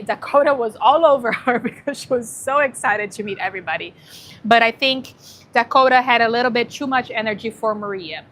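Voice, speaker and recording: A woman hosting a casual livestream who talks warmly to her viewers and gets teary, cooing now and then to a dog beside her. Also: a little high, a little hiss or hum. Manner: chatty and emotional, thanking viewers, cooing to a dog. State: teary, crying. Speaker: livestream host promoting dog rescue.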